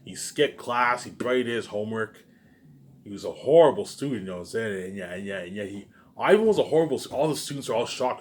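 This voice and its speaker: Fast-talking boastful man on camera. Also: on the low side, lively intonation. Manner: boastful, repetitive, swears freely. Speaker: vlogger. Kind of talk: casual rambling monologue to camera. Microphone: camera mic.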